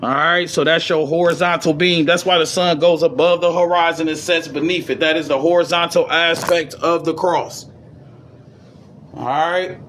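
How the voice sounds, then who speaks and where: A man giving a casual esoteric lecture, reading passages aloud and riffing on them in profane street slang, swinging between high and low registers. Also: a bit bright, a little hiss or hum. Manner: reads passages, then riffs in profane slang.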